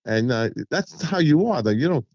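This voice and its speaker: Animated male storyteller, lively pitch. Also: moderate pace, no room sound, muffled recording. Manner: animated storyteller, acts out quotes with big pitch jumps. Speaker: guest vocalist. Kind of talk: casual interview chat.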